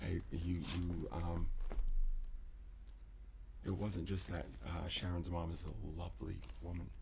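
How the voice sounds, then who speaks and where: A man hosting a livestream, talking intensely, often sinking into whispers and bursting into shouts, rambling and swearing. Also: sits low, completely flat delivery, a little slow, vocal fry, noisy background. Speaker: livestream host. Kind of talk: emotional livestream monologue. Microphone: desk USB microphone.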